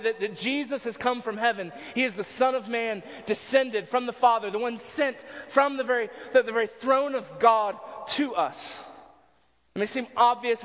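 A man's voice: high voice, fairly bright tone. A man preaching a sermon as pastor, earnest and repeating words as he builds each point. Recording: dull sound with long reverb in a hall.

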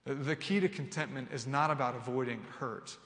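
A man preaching a sermon with animated delivery, acting out imagined dialogue and building to emphatic, rising lists. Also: medium pitch, moderate pace, big-room sound. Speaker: pastor.

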